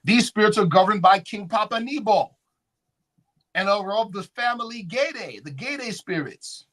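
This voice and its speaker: Delivering a slide lecture at a conference hall, this speaker keeps the audience engaged with frequent questions, animated and call-and-response. He speaks at a measured pace with a high-sitting voice.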